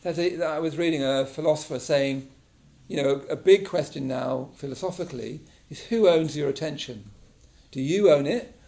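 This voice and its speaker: A man leads a mindfulness class in a relaxed, conversational talk, his voice a little higher than most and noticeably gravelly. He keeps checking in with the group as he goes, tossing in a quick "yeah?" to draw them along. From England. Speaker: meditation teacher. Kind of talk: casual teaching talk to a class. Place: meditation class room.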